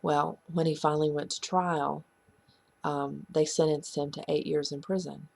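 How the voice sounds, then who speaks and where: A woman earnestly sharing a painful personal story in a halting, confessional way. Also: low-pitched, flat delivery, vocal fry, darkish tone. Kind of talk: heartfelt personal testimony.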